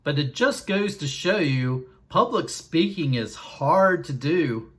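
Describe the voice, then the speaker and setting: A man with a thick Southern drawl talks straight to his viewers in a relaxed vlog. He is folksy and pokes fun at himself, and he speaks slowly and deliberately, as if to make sure he is understood. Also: a little high. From Southern United States. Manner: self-deprecating, folksy, slow and deliberate. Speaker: YouTuber. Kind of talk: casual vlog monologue.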